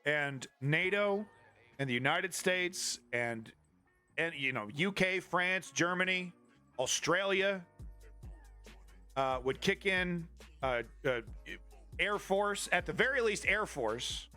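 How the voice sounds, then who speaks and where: On a live stream, a Canadian political commentary streamer delivers a rant in a slightly high, forceful voice. He's profane, flippant and animated, speaking slowly with frequent pauses and repeatedly stumbling and restarting sentences. Faint music sits underneath.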